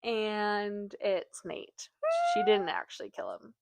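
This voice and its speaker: Speaking slowly in a gravelly, mid-range voice, a woman co-hosting a book podcast chats her way through a plot retelling. She leans heavily on "like" and other fillers and livens up when performing quotes, all on a dry recording.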